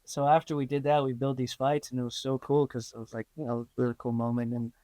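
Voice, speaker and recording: In a dry recording with no room sound, a medium-pitched man speaks fast as an interview guest, a stunt performer and actor. He tells stories casually and animatedly, laughing, acting out what others said, and filling his speech with lots of "um" and "like."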